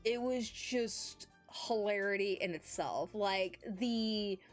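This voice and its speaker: A woman's voice: mid-range voice, slow pace, soft background music. A young woman streamer chatting casually, rambling and giggly with lots of fillers, sleepy and yawning. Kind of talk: casual chat.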